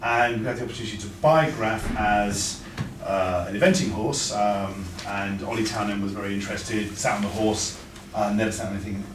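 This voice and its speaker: A man gives an informal talk to an audience, chatty and full of anecdotes, often stumbling over his words as he restarts sentences. His voice sits on the lower side. It is heard from a distance in an echoey room with noticeable background noise. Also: steady tone, brisk. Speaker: speaker at a breeders' talk.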